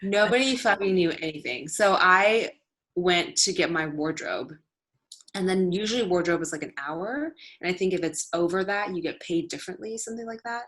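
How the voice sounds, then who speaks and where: A woman's voice: on the low side, normal speed, fairly bright tone. A woman stand-up comedian telling a story in casual chat, full of "like" fillers. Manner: chatty, many "like" fillers, acts out quotes.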